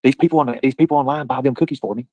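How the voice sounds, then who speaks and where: A man hosting a casual livestream, rambling loudly and cursing as he chats with his viewers. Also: mid-range voice, very fast, no room sound, dull audio. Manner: rambling, loud, profane banter with viewers. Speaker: livestream host.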